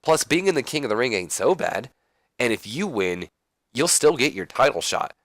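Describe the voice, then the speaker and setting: A man doing a slick young wrestling promoter, all showman energy. The voice is pushed a bit higher than a plain speaking voice and stays loud and upbeat. The recording is dry and close. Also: sing-song, moderate pace, dry recording. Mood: hyped. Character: smooth-talking young male wrestling promoter hyping a crowd.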